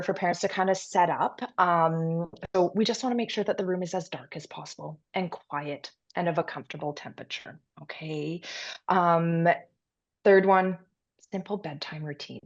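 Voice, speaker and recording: Low gravelly woman, calmly advising parents. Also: normal speed, dull audio. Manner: calm, instructive, reassuring. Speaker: pediatric sleep consultant guest. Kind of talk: explanatory interview talk.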